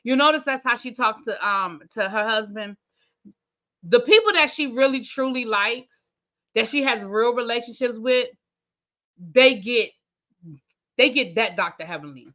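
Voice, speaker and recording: A woman's voice: a little high, lively intonation, measured pace, long pauses, bright, forceful tone, lo-fi sound. A woman hosting a TV review channel, recapping an episode in casual chat, thinking aloud and talking straight to her viewers. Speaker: TV review host.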